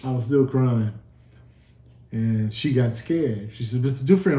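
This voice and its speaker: A man's voice: medium pitch, normal speed, mellow. A man giving an earnest testimony in a casual sit-down chat, acting out the dialogue as he tells it. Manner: earnest storytelling, acts out quoted dialogue. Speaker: guest telling his near-death story. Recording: echoey room.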